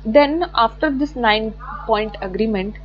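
A woman's voice: fairly high pitch, measured pace, muffled recording, a little hiss or hum. A woman teaching an online exam-prep lecture from slides, chatty and often correcting herself. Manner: chatty, self-correcting, repeats words.

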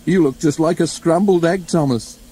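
A man's voice: a little high, normal speed, warm tone, breathy edge, voice pushed up. A man voicing an amused engine driver. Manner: amused, teasing. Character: jovial male engine driver.

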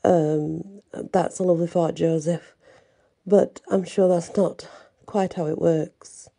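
A woman reading the lines of a gentle, grieving male prison chaplain in a soft, weary way. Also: lowish voice, fairly even intonation, slow, creaky, breathy edge, heavily acted. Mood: gently demurring.

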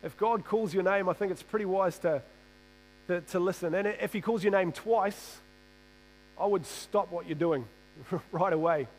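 A man's voice: high voice, normal speed, low-quality recording. A man preaching a sermon in a church, casual and joking, often stumbling and repeating his words as he reads and comments.

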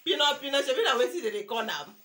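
A woman's voice: sits high, big pitch swings, very fast, a bit bright, echoey room. A woman in her thirties with a Nigerian accent, chatting emotionally through an unboxing vlog, exclaiming, repeating herself and praying aloud. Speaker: vlogger. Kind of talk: excited unboxing chat with prayers.

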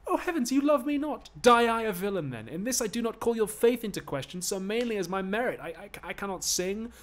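A man's voice: sits high, expressive, a little fast, voice pushed up. A man doing an anguished young woman in love. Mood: pleading. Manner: impassioned, rising and wailing reading. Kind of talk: dramatic reading aloud.

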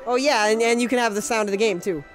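A woman chatting through a game stream with a slightly high voice, quick to tease and laugh, and free with her swearing. Faint music plays in the background. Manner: joking, teasing, swears freely, laughs often. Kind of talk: casual gaming stream banter.

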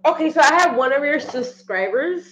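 A woman's voice: high-pitched, animated, moderate pace, fairly bright tone, a little hiss or hum, poor audio. A woman talking frankly as a guest on a casual livestream, laughing easily and swearing now and then.

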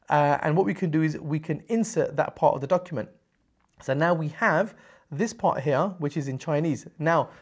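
A man presenting a screen-recorded software tutorial, explaining step by step in an upbeat way with frequent check-ins. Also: fairly high pitch, husky.

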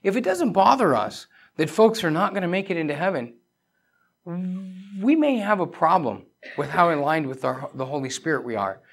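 A male pastor delivers a conversational sermon in a church sanctuary, his voice carrying a gravelly, creaky edge. He talks straight to the congregation, throwing questions at them and weaving in stories from his own life. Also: sits high, lively intonation, normal speed.

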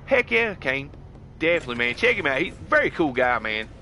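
A man's voice, a little high and a little fast, very animated with a sharp tone and some hiss or hum, comes from a laid-back game stream. He's an American with a Southern accent who chats casually, reads out chat and drawls "dude" and "heck yeah."

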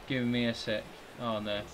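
Against a noisy background, a young adult gaming streamer from Britain talks his way through a football video game, chatting to his players and swearing at them. His voice sits in the mid range.

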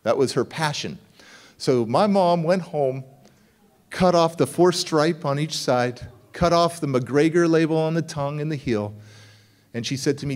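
A middle-aged man, a motivational speaker, telling a humorous personal story in an animated way and acting out the people he quotes. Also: fairly high pitch, measured pace.

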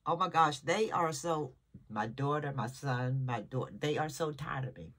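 A woman's voice: sits low, normal speed, very noisy. An older woman, a great-grandmother, chatting casually to her viewers at home, emotional and jumping from topic to topic. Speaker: vlogger. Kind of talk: casual rambling chat. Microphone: camera nearby.

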